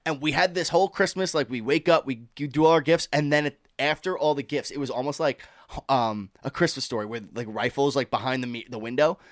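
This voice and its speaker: A man in casual chat, an animated storyteller who swears freely and acts out the people in his stories. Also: mid-range voice, a little fast, no echo, studio quality.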